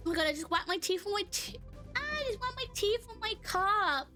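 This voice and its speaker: Chatty high-voiced woman streamer. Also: animated, a little fast, sharp tone, faint music behind. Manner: chatty, laughing, reads out and answers chat. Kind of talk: casual live-stream chat while gaming.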